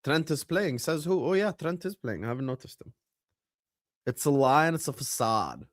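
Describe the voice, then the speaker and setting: A young man hosting a live football watchalong, chatting casually with his viewers and shouting at big moments of the match. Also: a little high, normal speed. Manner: animated, bursts into loud shouts at match moments, banters with chat. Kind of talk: casual live-stream chat and match commentary.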